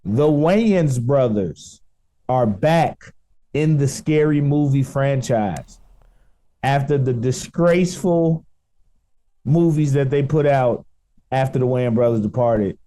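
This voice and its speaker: A man with a Chicago accent co-hosting a casual podcast, eager and quick to jump in. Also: mid-range voice, dark tone. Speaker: co-host.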